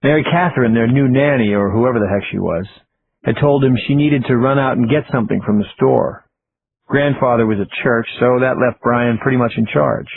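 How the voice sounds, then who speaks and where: Male audiobook narrator, steady delivery, thin lo-fi phone-like recording. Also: mid-range voice, normal speed, gravelly. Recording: tinny phone-like audio with faint hiss.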